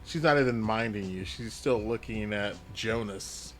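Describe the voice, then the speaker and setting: A man's voice: fairly low pitch, normal speed, a bit bright, soft background music. A man acting as game master, narrating a tabletop game to the players with chuckling asides. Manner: addresses players in second person, chuckling asides.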